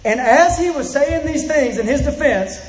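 A man's voice: very high-pitched, expressive, normal speed, roomy sound, poor audio. A man preaching a sermon in an earnest, pleading way, repeating his phrases and acting out the voices he quotes.

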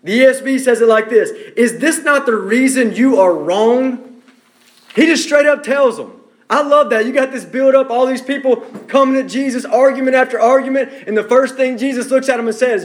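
A man's voice: very high voice, a little fast. A man preaching a sermon, emphatic and direct, repeating key phrases for stress.

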